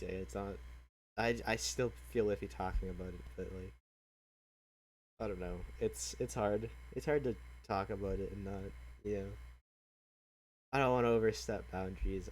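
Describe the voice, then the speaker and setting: Brief: young male reaction host, low voice, earnest and hesitant, curses a lot, faint background hiss. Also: a little mellow, poor audio. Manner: halting, earnest, swears often. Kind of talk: casual reaction commentary.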